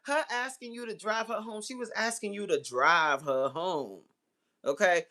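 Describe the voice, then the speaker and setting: Unhurried and sharp in tone, this woman's mid-range voice keeps a fairly even intonation as she hosts a laid-back livestream. She replies to messages with blunt profanity, laughs a lot, and performs the voices of people in her stories.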